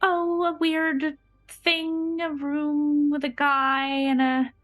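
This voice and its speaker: A woman with a higher, bright, sharp voice talks casually as a player in a tabletop role-playing game. She is animated and chatty, laughing often and quick to apologize. Her voice is close and dry, with faint music behind. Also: no echo. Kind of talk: casual tabletop play and chat.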